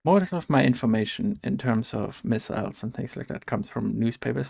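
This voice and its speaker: A man's voice: mid-range voice, normal speed, vocal fry, no room sound. A man with a German accent and a German first language, chatting casually while he plays a game, rambling and thinking aloud with many fillers and restarts. He mentions having allergies. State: has allergies. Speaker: gaming vlogger.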